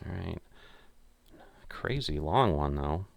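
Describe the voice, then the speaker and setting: A man's voice: deep voice, animated, slow, vocal fry. An older man muttering casual, self-critical commentary as he plays a golf game. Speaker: gamer playing a golf simulator.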